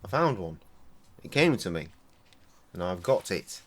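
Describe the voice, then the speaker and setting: Deep-voiced, sweary streamer. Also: male voice, very animated, a little slow, fairly bright tone. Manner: chatty, sweary, joking. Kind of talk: casual live-stream commentary.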